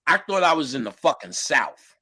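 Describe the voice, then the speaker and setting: Husky guy with a bright edge, casual street talk, laughs a lot and does voices for people. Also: on the high side, normal speed. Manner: animated, profane, laughing, acts out quotes. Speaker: spiritual lecturer.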